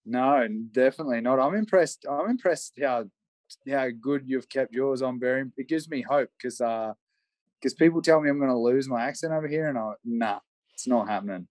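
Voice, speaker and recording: A man's voice: mid-range voice, moderate pace, a little mellow, no room sound. A young man from Queensland with an Australian accent, talking casually and rambling over a remote call from a shed. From Australia, Southeast Queensland. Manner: rambling, friendly, many fillers. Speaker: guest on a call. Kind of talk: casual conversation. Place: backyard shed.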